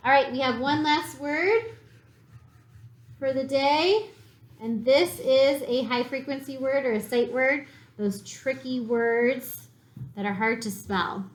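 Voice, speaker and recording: A woman's high-sitting voice moves slowly through a spelling lesson for a third grade class. Sounding each word out syllable by syllable with patience, she is recorded in a room full of echo.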